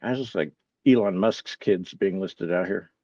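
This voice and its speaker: Hosting a casual live stream, a man muses aloud, reads replies from chat, and pokes fun at his own confusion with a bemused, self-mocking air. His voice is deep, unhurried and darkish, with no room sound and the highs cut off.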